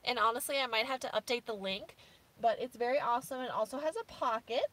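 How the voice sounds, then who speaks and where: A woman's voice: a little high, fast, a bit bright. A woman hosting a casual livestream from her minivan, chatty and openly emotional. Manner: chatty, emotional, laughing through tears. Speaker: vlogger host. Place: inside a minivan.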